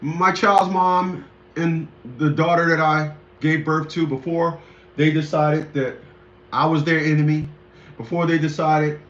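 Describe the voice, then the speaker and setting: A man's voice: on the high side, a bit bright. A man delivering a rambling, indignant ranting monologue, repeating himself often. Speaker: commentator. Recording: echoey, dull lo-fi room sound.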